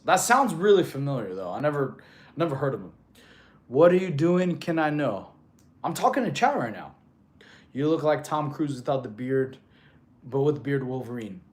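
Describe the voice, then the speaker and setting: A man in his thirties, a fitness streamer, chatting casually and reading viewer messages aloud in a laid-back way, calling people bro. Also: medium pitch. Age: 30s.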